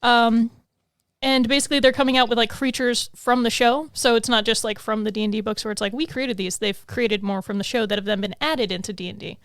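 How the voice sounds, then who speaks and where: A woman's voice: on the high side, fairly even intonation, fairly quick, a bit bright, smooth, no room sound. A woman co-hosting a podcast in casual, rambling chat, laughing often, recorded on a stand mic in a small studio. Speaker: podcast co-host.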